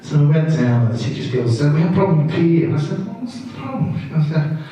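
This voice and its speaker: A man's voice: on the high side, sing-song, quick pace. A man, a father of the bride telling funny family stories in a wedding speech, laughing through his punchlines. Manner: warm storytelling with laughing asides. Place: wedding reception hall. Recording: echoey hall from far off with faint room noise.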